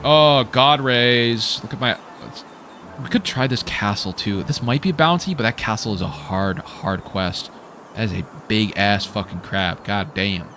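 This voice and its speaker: A Canadian man giving casual, excitable commentary while streaming a video game, reacting aloud and swearing freely. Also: fairly low pitch, normal speed, a little hiss or hum.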